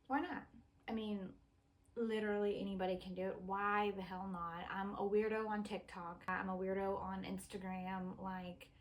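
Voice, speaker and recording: A woman's voice: medium pitch, rough recording. A woman in her thirties, a mother and vlogger, rambling casually to the camera with a lot of swearing and filler words. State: a bit out of breath. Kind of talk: casual talking-to-camera chat.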